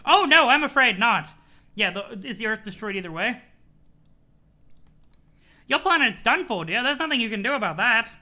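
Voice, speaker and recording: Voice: medium pitch, animated, normal speed, pauses often, sharp tone. A streamer voicing a doting old grandmother ghost sprite in a webcomic read-aloud, sweetly patronizing and theatrical. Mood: mock-sinister.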